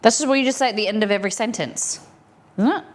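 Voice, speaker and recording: A woman's voice: on the high side, quick pace. A young Australian woman casually chatting with her stream chat as she cooks in her home kitchen, rambling from one thing to the next. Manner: chatty, rambling, talks to chat while cooking. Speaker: streamer cooking on a live stream. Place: home kitchen set up as a studio.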